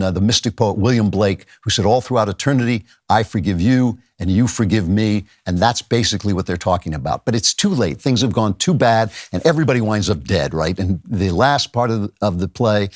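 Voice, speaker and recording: Middle-aged guy with a lowish voice, earnest lecture on his podcast, real dry close sound. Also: no room sound. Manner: earnest, emphatic, dramatic readings of quotes. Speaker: podcast host. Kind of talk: lecture-style commentary.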